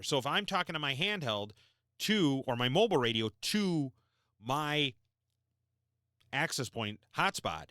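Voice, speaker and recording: A man's voice: medium pitch, bright, forceful tone, no room sound, studio quality. A man hosting a podcast, explaining things in a blunt, repetitive, emphatic way. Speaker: podcast host. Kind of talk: explanatory talk.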